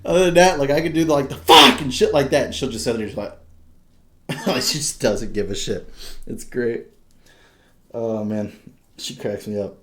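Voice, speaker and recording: Young male podcast host, mid-pitched, loose and profane, laughs through his stories. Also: moderate pace, long pauses. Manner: swears freely, laughs often, animated storytelling. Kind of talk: casual chat.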